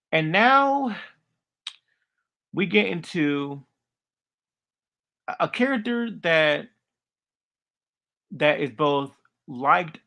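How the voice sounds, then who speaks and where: Halting, gravelly young man. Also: a little high, very animated, pushed and bright. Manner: halting, heavily repetitive. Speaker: video commentator. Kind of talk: casual cartoon commentary.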